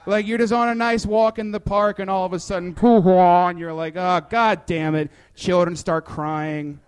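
High-voiced young comedian, playful. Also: male voice, flat delivery, normal speed, smooth. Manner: playful, hesitant with many fillers. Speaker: stand-up comedian. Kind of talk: comedy bit then casual interview chat.

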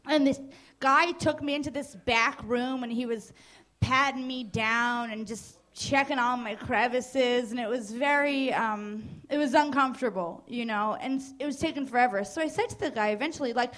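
A woman's voice: a little high, normal speed, fairly bright tone. A young woman from New Jersey doing a stand-up comedy set on a club stage, casual and crude, with hesitant fillers and self-mocking asides.

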